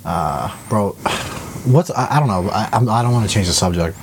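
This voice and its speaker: A man's voice: fairly low pitch, lively intonation, normal speed, background noise. A young man co-hosting a podcast, telling stories in a rambling, profane casual chat full of fillers. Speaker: podcast co-host.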